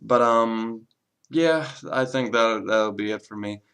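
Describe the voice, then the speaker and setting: A man giving a casual, rambling spoken film review, swearing freely and filling pauses with lots of hedging words. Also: medium pitch, a bit bright.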